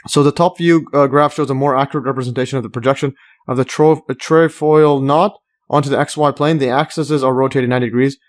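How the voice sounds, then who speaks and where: A man talking through a math lesson over his screen, thinking out loud with lots of "uh"s and restarts. His pitch sits in the middle for a man. He breaks in now and then with eager little asides about how cool the graphs look. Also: steady tone, fast talker. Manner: rambling, many fillers and restarts, enthusiastic asides. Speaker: math tutor.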